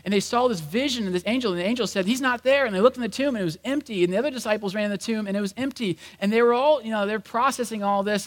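A man preaching a sermon in a conversational, animated way, acting out the voices of people in the story. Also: high-pitched, long reverb tail. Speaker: pastor.

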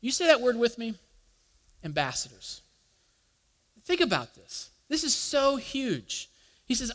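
A male pastor preaching a sermon in an animated way, asking the congregation to join in aloud. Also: extremely high pitch, a little slow, pauses often. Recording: long reverb of a large hall.

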